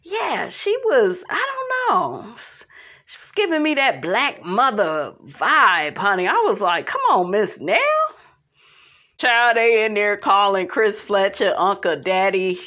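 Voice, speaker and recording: Sassy, bright-voiced woman recapping TV. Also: medium pitch, animated, measured pace. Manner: sassy, blunt, profane, keeps calling the viewer "honey" and "child". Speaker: reality TV recap vlogger. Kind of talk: animated casual commentary. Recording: slightly dull lo-fi sound.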